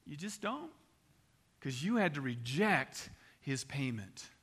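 An older man preaching an evangelistic sermon in a conversational, animated way, mixing scripture with personal stories. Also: on the high side, takes it slowly, breathy edge.

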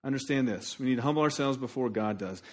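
A man preaching a sermon as pastor, animated and shifting between loud emphasis and quiet asides. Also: mid-range voice, quick pace.

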